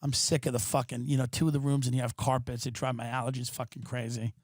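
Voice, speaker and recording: A man's voice: medium pitch, level tone, fast, dry recording, clean studio sound. A man hosting a podcast, delivering an exasperated, profane comedic rant from his apartment. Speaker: podcast host. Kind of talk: ranting comedic monologue.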